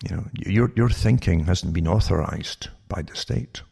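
A man's voice: low voice, normal speed, few pauses, dark tone. A man giving a rambling spoken monologue, restarting often and tossing in questions like "eh?" to the listener. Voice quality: gravelly, husky. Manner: rambling, with frequent restarts and asides like "eh?". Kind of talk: monologue commentary.

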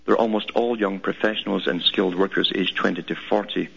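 On a dull lo-fi radio broadcast, a talk radio host with a deep, gravelly yet fairly bright voice rambles through news clippings. He speaks a little fast with fairly even intonation, sounding sardonic and often repeating words and restarting.

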